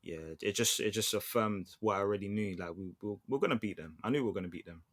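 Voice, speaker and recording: A man's voice: on the low side, fast, a bit bright. A man co-hosting a football podcast, telling stories in a loose, slangy, chatty way. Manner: chatty storyteller, slangy, restarts often. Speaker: podcast co-host. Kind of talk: casual football chat.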